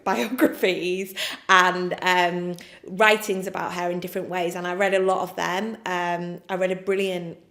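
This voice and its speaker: English woman writer, candid interview, lowish voice, roomy echo. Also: a bit bright. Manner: chatty, frank, with many fillers and laughs. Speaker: playwright. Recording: echoey room.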